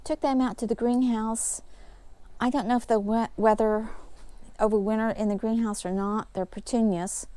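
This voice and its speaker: Out in her farmyard, a homesteading vlogger walks and talks through her chores in a casual, easygoing way. Her voice is a little high, mellow and steady, moving at a moderate pace with no echo.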